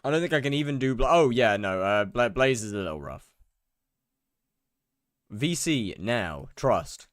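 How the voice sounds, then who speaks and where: A man's voice: on the low side, big pitch swings, measured pace, no room sound, clean studio sound. A young man streaming a game live, chatting casually and greeting viewers by name as he rambles. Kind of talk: casual live-stream chat while gaming.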